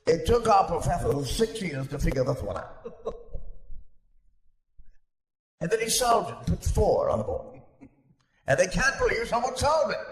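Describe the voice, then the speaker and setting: Man playing a prim society aunt, old, gossipy, sing-song high, roomy echo. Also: fairly bright tone. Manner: prim, gossipy, giggling at her own remarks. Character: snobbish wealthy older aunt, bigoted and fussy. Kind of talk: improvised comedy sketch.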